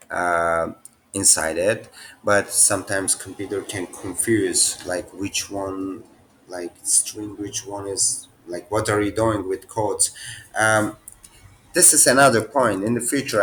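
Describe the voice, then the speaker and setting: A man's voice: low voice, vocal fry, fairly bright tone, a little hiss or hum. A young man with non-native phrasing, casually talking through programming quiz answers at his computer. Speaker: programming teacher. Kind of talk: casual screen-share tutorial.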